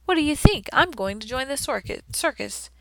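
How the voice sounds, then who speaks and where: A woman voicing a jovial, booming male night janitor who talks in a loud, hearty, chatty way. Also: expressive, moderate pace, gravelly, no room sound, full character voice. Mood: jolly.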